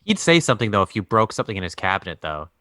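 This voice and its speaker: A man's voice: on the low side, very animated, racing, bright, forceful tone, dry recording. A man co-hosting a podcast, offering wry, jokey commentary in casual chat. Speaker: podcast co-host.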